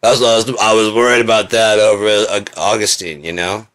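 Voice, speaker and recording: A man's voice: on the low side, little pitch movement, a little fast, a bit bright. A man talking in a rambling, swearing monologue, coughing often and acting out quoted voices. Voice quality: frequent coughing. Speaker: video creator.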